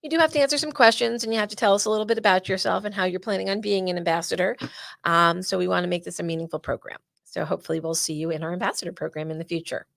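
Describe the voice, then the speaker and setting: A woman hosts a live awareness presentation in a low, gravelly voice. She talks chattily and gets openly emotional. The sound is close and dry. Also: steady tone, very fast, no echo. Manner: warm, emotional, chatty, uses y'all. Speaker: host of an awareness event.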